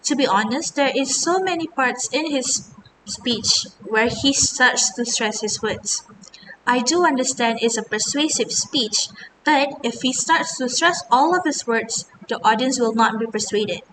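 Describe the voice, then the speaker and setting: Young woman reading a presentation. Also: a little slow. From Malaysia. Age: 20s. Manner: earnest, scripted, mostly reading. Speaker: university student. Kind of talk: recorded class presentation. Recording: distant mic with steady rumble.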